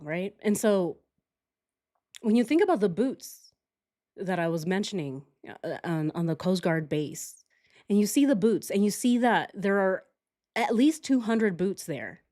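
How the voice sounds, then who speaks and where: Speaking at a medium pitch, this young adult woman streams and shares a story from her own life in a casual chat. Her delivery is open and lively, with shouted lines performed as she quotes people.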